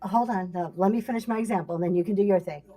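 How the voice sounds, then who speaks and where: A woman's voice: medium pitch, very fast, dark tone, soft background music. A middle-aged woman teaching live selling in a casual livestream, chatty and laughing often, speaking to viewers by name.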